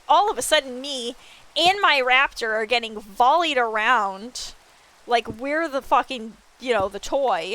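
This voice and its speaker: A woman streamer with a bright, forceful, fairly high voice, chatting casually as she builds in a game. She tells stories in an animated way, jumping up in pitch when she quotes people, and swears freely. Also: moderate pace. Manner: animated storytelling with excited quoted reactions. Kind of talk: casual chat while gaming.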